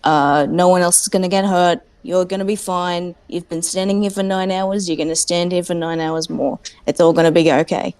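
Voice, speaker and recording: A woman plays her turn in a tabletop game, her voice sitting a little low. She talks in a breezy, joking way and laughs often. The sound is dry and close. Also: fairly even intonation, moderate pace, few pauses, a little mellow, no echo. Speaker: player.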